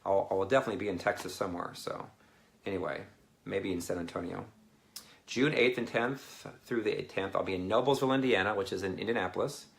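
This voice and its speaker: A man's voice: low voice, fairly quick, gravelly. A man hosting a casual livestream as a minister, chatty and rambling, reading out viewer comments. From Canada. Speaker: deliverance minister and livestream host.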